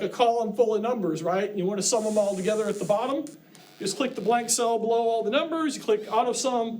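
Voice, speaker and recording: Chatty high-voiced male instructor. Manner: chatty, joking asides. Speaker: college instructor. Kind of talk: classroom lecture. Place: classroom.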